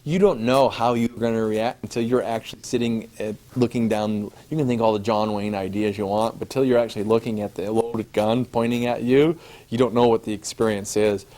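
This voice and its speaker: Animated man telling a travel tale. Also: fairly low pitch, fairly quick. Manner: animated, acts out scenes, laughs at his own story. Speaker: storyteller. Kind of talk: live personal travel storytelling.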